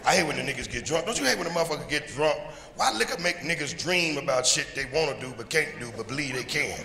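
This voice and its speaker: A man from Chicago performs a loud, profane stand-up routine with punchy timing. His voice is gravelly and a little raised. The sound carries through a big, reverberant hall with audience noise behind it. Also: fairly high pitch, lively intonation, quick pace. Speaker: stand-up comedian. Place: large live venue with audience.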